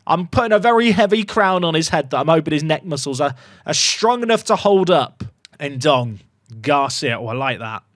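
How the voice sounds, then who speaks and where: Lively man streaming a game. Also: sits high, no room sound, studio quality. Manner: swings between mumbled asides and excited shouts. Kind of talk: excited game commentary.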